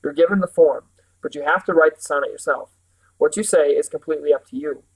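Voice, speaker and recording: A man's voice: a little high, fast talker, breathy edge, poor audio. A man reading aloud and voicing a stern, wise otherworldly woman who speaks formally and with measure.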